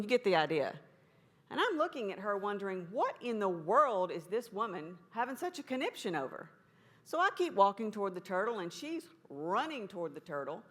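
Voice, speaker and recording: A woman with a drawl tells a story at a conference talk. Her delivery is folksy and humorous, with an easy, mid-pitched voice. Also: very animated, a little fast, a bit bright. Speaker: conference speaker.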